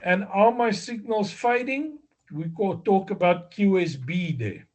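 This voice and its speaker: A man with a South African accent giving a slow, deliberate exam review lecture, explaining step by step with fillers and self-corrections. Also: high-pitched, lively intonation, darkish tone. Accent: South African English. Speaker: amateur radio exam instructor.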